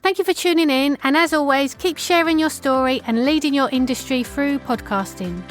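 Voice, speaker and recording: High-voiced woman reading a podcast outro. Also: moderate pace, soft background music. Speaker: podcast host. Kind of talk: scripted outro narration.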